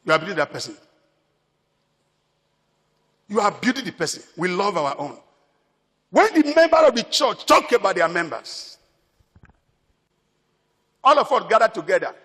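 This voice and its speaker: A man's voice: sits high, very animated, normal speed, pauses often, a bit bright, long reverb tail. A Nigerian man preaching a sermon as pastor, emphatic, repeating his phrases.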